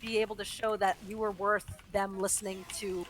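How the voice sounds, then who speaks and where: A woman's voice: medium pitch, level tone, normal speed, low-quality recording. A woman voice actor chatting casually as a guest, talking in long flowing explanations and laughing often. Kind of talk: casual interview chat while gaming. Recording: faint background noise.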